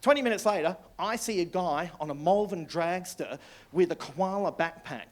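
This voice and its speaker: An Australian man in his sixties doing live stand-up comedy, rambling and sweary in an excitable storytelling manner. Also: high voice, normal speed. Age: 60s. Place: comedy club stage.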